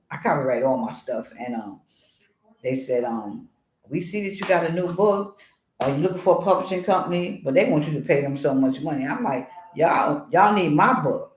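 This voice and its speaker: A woman author telling a personal story in an animated way, acting out the voices of the people in it. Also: low-pitched, echoey room, rough recording. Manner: expressive, acts out voices in her story. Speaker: author guest.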